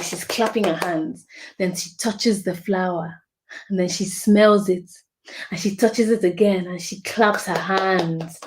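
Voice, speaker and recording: A woman giving a parenting talk, expressive and repeating phrases for emphasis. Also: mid-range voice. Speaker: parenting speaker.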